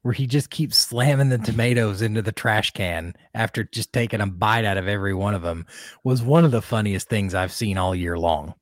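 A low-voiced man talks on a podcast in loose, animated chat. He rambles with plenty of fillers, and the dry close sound has no room echo at all. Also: fairly quick. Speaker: podcast co-host. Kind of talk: casual chat.

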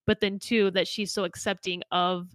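A woman's voice: mid-range voice, little pitch movement, normal speed, no room sound. A woman co-hosting a podcast, chatting casually and gushing about a book, swearing freely. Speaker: podcast co-host. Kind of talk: casual book-club chat.

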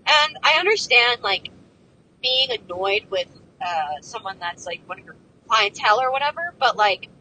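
A woman's voice: a little high, lively intonation, moderate pace, sharp tone, low-quality recording. A young woman telling a story while driving, rambling and exasperated, with lots of fillers and swearing. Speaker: vlogger. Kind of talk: casual storytelling vlog. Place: inside a moving car. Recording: faint car engine noise. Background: faint road and vehicle noise.

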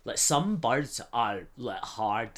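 A man's voice: mid-range voice, lively intonation, takes it slowly, a bit bright. A young man with a Glasgow accent, hosting a podcast in casual, rambling, sweary comic chat. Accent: Glaswegian Scottish. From Scotland. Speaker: podcast host.

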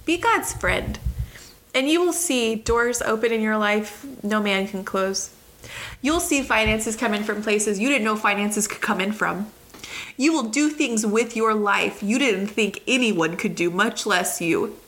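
A woman hosting and preaching a devotional teaching, fervent and emphatic, talking straight to the listener and swinging between soft words and exclaiming. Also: medium pitch, unhurried. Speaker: host and preacher.

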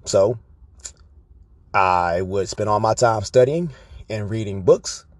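A man telling personal stories to his viewers in an animated, profane, casual way, often checking in with "right?". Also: on the low side, takes it slowly, dry recording. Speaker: vlogger. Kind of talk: casual storytelling monologue.

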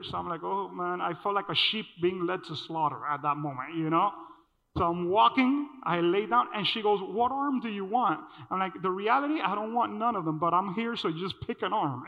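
A man preaching a sermon, telling a personal story in an animated way and acting out the dialogue. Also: sits high. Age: adult. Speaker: pastor. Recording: dull sound with long hall reverb.

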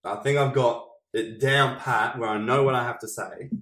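A man's voice: medium pitch, fairly even intonation, moderate pace, fairly bright tone. Fumbling Australian man, echoey room. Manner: fumbles his French, self-deprecating. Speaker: guest. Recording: roomy echo.

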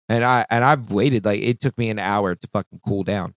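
A man's voice: fairly low pitch, moderate pace, hardly any pauses, no room sound. A man chatting casually on a podcast, telling a rambling, profane story as he vents about work. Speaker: podcast co-host.

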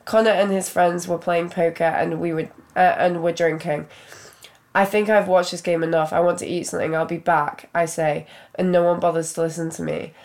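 A woman's voice: lowish voice, steady tone, moderate pace, darkish tone. A woman reading a fan story aloud on a casual podcast, breaking off with giggles and asides.

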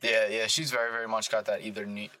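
A man's voice: on the low side, little pitch movement, fast, pushed and bright, no echo. A man hosting a podcast in casual chat, easygoing, asking questions and laughing along. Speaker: podcast host.

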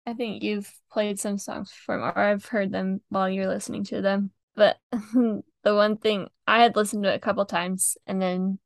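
A woman's voice: medium pitch, little pitch movement, moderate pace, vocal fry, dry recording. A young woman chatting casually about songs as a podcast co-host, giggly and full of "like". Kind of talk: casual chat reviewing songs.

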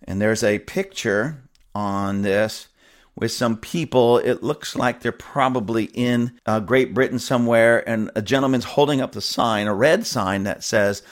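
A man at a middle pitch gives casual commentary as a pastor. He talks emphatically and repeats himself for effect. Scornful laughs break into his delivery. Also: a little slow. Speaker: church pastor giving commentary.

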